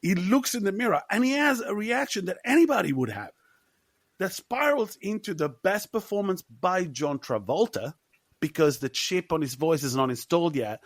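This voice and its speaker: Animated swearing man, dry close mic. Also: high-pitched, normal speed, no room sound. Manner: animated, swearing, laughing, shouting bits. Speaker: podcast co-host. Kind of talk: casual film chat.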